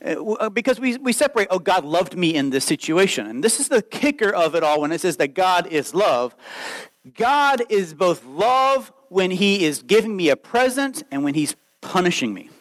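A man in his late thirties preaching a sermon, lively and conversational, acting out quoted voices as he goes. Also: high-pitched, moderate pace, poor audio. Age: 30s. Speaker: pastor.

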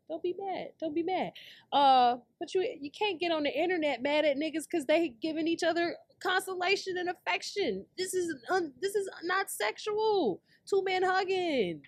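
A woman hosting her own podcast in brash, profane casual commentary, dropping to low mutters and then breaking into loud, high outbursts. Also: no room sound. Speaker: podcast host.

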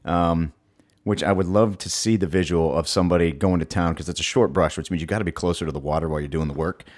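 A man's voice: low voice, steady tone, quick pace, a little mellow. A man co-hosting a gym podcast in casual chat, rambling with many ums and restarts. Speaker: podcast co-host, gym owner.

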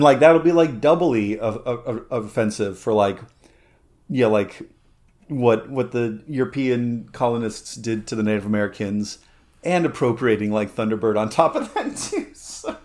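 A man's voice: mid-range voice, a little mellow. A man co-hosting a podcast in casual chat, rambling with lots of fillers and restarts. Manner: rambling, halting, many fillers and restarts, laughs often. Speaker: podcast co-host.

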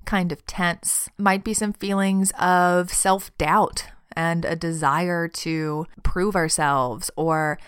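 A woman's voice: on the low side, steady tone, slow pace, hardly any pauses, clear, resonant tone. A woman hosting a podcast as a tarot reader, talking in a chatty, friendly way with frequent laughs. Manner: chatty and warm-hearted, laughs often, says "y'all". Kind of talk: casual podcast monologue.

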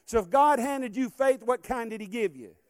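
A man's voice: very high voice, moderate pace, no echo. A man preaching a sermon as guest speaker in a church, calling on the congregation to respond. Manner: animated, calls on the congregation to respond. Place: church hall.

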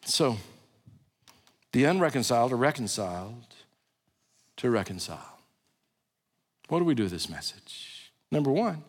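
A man preaching a sermon as pastor, earnest, dropping to a hushed, low voice for prayers, in a large church sanctuary. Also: animated, moderate pace. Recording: long reverb of a large hall.

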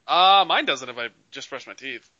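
Male co-host, very bright and animated, teasing banter, lo-fi. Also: mid-range voice, moderate pace. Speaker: podcast co-host. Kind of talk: casual chat. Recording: dull lo-fi sound.

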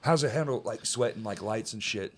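Profane, bantering man hosting a podcast. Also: lowish voice. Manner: loose and profane, quick banter, laughs often. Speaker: podcast host. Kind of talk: casual chat.

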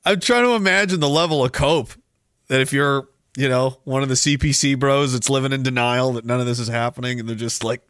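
A man's voice: medium pitch, a little fast, a bit bright, clear, resonant tone, no room sound, clean studio sound. A man hosting a live stream, ranting sarcastically in a mocking, rambling way. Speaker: streamer host.

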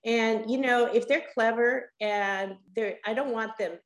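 An older woman, a guest in an interview, telling a story with lively acted-out quotes. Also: a little high, a little slow. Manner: animated, acts out quotes. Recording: echoey room.

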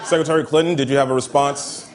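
A man's voice: medium pitch, fairly even intonation, fast talker, close to an everyday voice. A man playing a flustered debate moderator. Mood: formal. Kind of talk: live TV sketch comedy. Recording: live studio audience, loud crowd noise.

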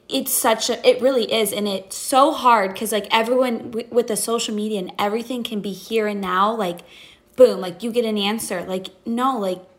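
A young woman talking casually about faith and patience, animated and full of filler words. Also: a little high. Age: young adult. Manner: chatty, animated storytelling, heavy "like" fillers. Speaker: podcast guest.

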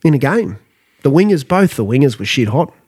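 A man's voice: mid-range voice, sing-song, fairly quick, a little mellow, breathy edge. A man from Queensland with an Australian accent, co-hosting a casual podcast chat, blunt and sweary, laughing often. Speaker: podcast co-host.

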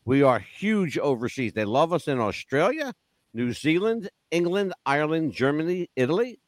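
A man's voice: fairly high pitch, sing-song, normal speed, no room sound. A man hosting a podcast, reeling off plugs in a joking way with crude asides. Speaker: podcast host. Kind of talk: casual podcast chat.

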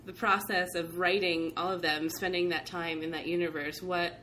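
A woman interviewer asks open, encouraging questions in a relaxed way. Her voice sits low for a woman, and a faint hiss runs under the recording. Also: normal speed. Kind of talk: casual interview.

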